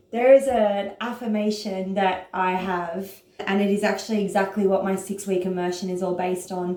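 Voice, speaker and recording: A woman who teaches yoga and writes, talking casually and earnestly to her followers about self-compassion, at times rushing with excitement and then slowing herself down. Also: mid-range voice, roomy sound. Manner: excited, earnest, speeds up and slows down.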